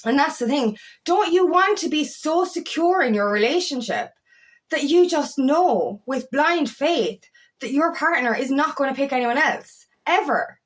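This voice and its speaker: Heated, blunt woman coach, higher voice. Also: a little slow. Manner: blunt and heated, swears often, animated rants. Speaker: feminine empowerment coach. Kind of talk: casual talk to camera.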